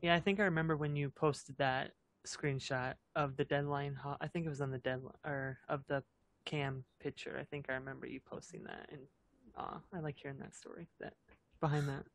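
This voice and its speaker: A woman's voice: sits low, steady tone, a little fast, dry recording. A woman hosting a podcast, chatting casually and playfully with her guest and laughing often. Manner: friendly and playful, laughs often, says "girl". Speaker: podcast host. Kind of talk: casual interview chat.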